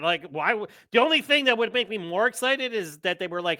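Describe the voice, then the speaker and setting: A male podcast host with a bright, forceful voice that sits a little high. He talks in loose, excitable chat and slides into rants. The sound is dry and close. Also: brisk, few pauses, dry recording. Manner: excitable, ranting, swears. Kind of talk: casual news chat.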